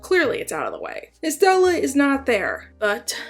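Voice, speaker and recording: A woman's voice: high voice, wildly swooping pitch, normal speed, soft background music. A young woman narrating a comedic video essay, with sarcastic, joking commentary.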